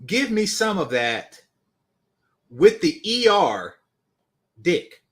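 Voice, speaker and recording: A man mimicking a sultry Russian woman with a mock Russian accent, in an exaggerated, breathy way. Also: high-pitched, big pitch swings, drawn-out words, voice pushed up, exaggerated voice. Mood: lustful.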